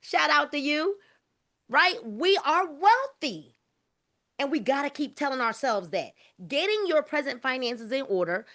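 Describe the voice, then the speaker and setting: A woman's voice: high voice, bright, forceful tone. A woman leading a motivational group video call, emphatic and preachy, repeating her phrases and calling the group y'all.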